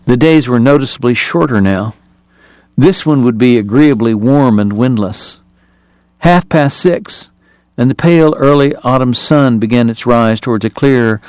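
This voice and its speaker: A man narrating an audiobook in a measured, even storytelling manner. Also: mid-range voice, no echo. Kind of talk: scripted narration.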